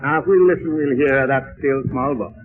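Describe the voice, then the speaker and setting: Fervent old-time preacher on tinny radio. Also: male voice, medium pitch, moderate pace, distant mic. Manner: fervent oratory with soaring emphatic peaks and repetition. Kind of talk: old-time revival sermon.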